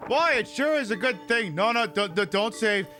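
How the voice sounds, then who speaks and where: Man, game streamer, high voice, rambling jokey commentary, profane, background music. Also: expressive, moderate pace, sharp tone. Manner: rambling, joking, swears freely. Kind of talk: casual gameplay commentary.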